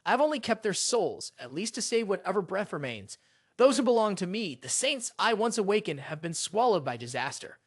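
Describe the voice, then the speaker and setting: A man voicing a proud, furious male sun god who rants indignantly in a high, lively voice. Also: fairly quick, breathy edge, dry recording, studio quality, exaggerated voice. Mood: calm. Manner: indignant, ranting.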